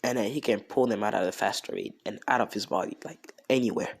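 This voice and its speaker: A man's voice: fairly low pitch, quick pace, creaky, husky. A man casually retelling an improvised fan story, rambling with lots of fillers and slang.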